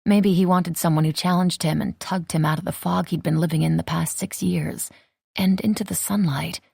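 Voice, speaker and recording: A woman narrates a romance audiobook in an even, measured way. Her voice is low and husky, with some fry. The recording is close and dry. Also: no room sound. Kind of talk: scripted narration.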